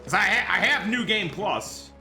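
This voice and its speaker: A male streamer with a high, very animated voice joking his way through a game. Loud game music plays behind him as he rambles and swears. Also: moderate pace. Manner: joking, profane banter. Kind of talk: live gameplay commentary.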